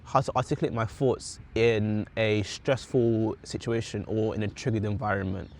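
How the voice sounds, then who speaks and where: A man's voice: fairly low pitch, steady tone, normal speed, a little mellow, slight background noise. A man talking earnestly and reflectively in a casual personal vlog, sometimes repeating words for emphasis. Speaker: vlogger.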